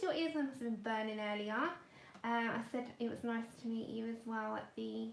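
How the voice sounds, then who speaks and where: A woman hosting a casual colouring livestream from home on her phone, chatting with viewers and coaxing her dog in a high voice. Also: fairly even intonation, normal speed, vocal fry, slight background noise. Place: home indoors.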